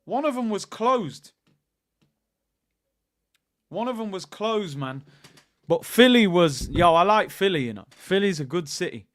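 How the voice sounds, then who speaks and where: Hosting a football channel, a young man trades jokey, slangy banter in casual live-stream chat, animated and full of put-on voices. He speaks in a high voice at a measured pace, pausing often. No room sound is audible.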